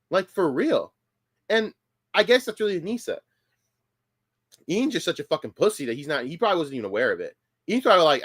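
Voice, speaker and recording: A man streams live from his home setup, reacting with heated, profane outrage. His pitch swings widely between low grumbles and sudden high outbursts. He stammers and restarts his sentences as he works himself up. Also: very animated, a little fast, pauses often, a bit bright.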